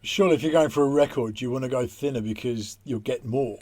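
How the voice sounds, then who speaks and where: Husky-voiced man in wry podcast chat. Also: medium pitch, quick pace, a little mellow. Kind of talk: casual chat.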